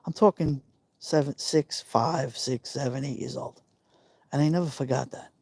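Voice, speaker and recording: A New Yorker in his fifties hosts a live stream, his medium-pitched voice warm, mellow, creaky, and slightly rough, moving at normal speed. He shares a personal story in an emotional, confiding way, often repeating himself for emphasis. The sound is dry, with no room echo.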